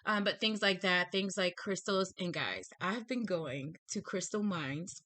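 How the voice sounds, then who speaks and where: A woman's voice: on the low side, expressive, unhurried, bright, forceful tone, no room sound. A woman with a lisp hosting a spiritual reading channel, bubbly and effusive, a bit tongue-tied as she chats through announcements. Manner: bubbly, effusive, repeats herself. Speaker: tarot reader and channel host. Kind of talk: chatty intro to a reading video.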